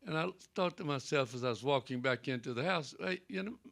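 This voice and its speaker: A man's voice: medium pitch, quick pace, a bit bright. An older man with a Southern accent, a Presbyterian pastor telling stories on a panel and acting out the dialogue. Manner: folksy anecdotal storytelling, acts out quoted dialogue. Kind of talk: storytelling on a library panel. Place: library event room.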